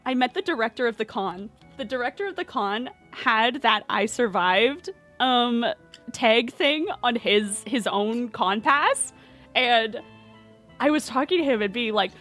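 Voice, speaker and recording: A young woman streaming, chatting excitedly and cooing to her pet bird. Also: on the high side, normal speed, soft background music. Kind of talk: casual chat on stream.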